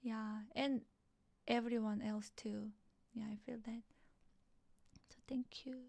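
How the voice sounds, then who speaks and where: A woman hosting a piano livestream, chatting softly and warmly with a guest, often filling in with little laughs and repeated yeahs. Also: a little high, steady tone, vocal fry, dry recording. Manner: slow, soft-spoken, with frequent small laughs. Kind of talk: casual chat.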